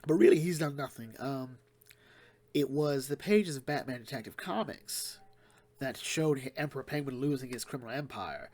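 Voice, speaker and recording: A man's voice: mid-range voice, darkish tone. Man rambling through a comic review. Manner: rambling, retells plots quickly with fillers and restarts. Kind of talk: casual solo commentary.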